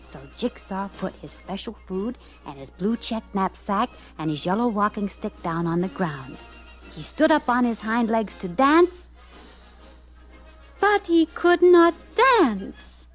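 A woman narrating a children's story aloud in an expressive, lively way. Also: medium pitch, slow pace, faint music behind.

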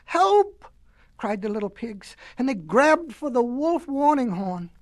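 Animated woman reading a storybook aloud. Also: fairly high pitch, measured pace. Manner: animated, expressive, folksy.

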